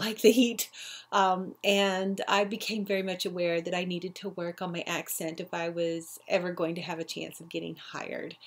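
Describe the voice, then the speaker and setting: A professor from Texas with a faint Southern US accent, giving her students a reflective, personal talk with frequent pauses. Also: mid-range voice. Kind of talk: recorded class talk to students.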